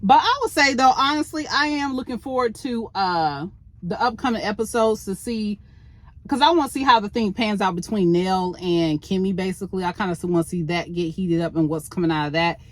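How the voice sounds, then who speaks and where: A woman's voice: medium pitch, brisk, no echo. A woman giving blunt, opinionated commentary on a reality show in a casual, exasperated way. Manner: blunt, exasperated, talks to the show's people directly.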